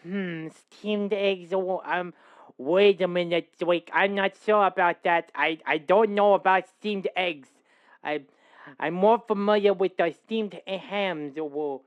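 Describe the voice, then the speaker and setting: A man's voice: high-pitched, clear, resonant tone, no echo, dull audio, pitched above the performer's own voice. A man putting on a hesitant, goofy character voice that stumbles over its words and keeps tagging lines with a whoop. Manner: halting with "uh" and a tag "oh, woo".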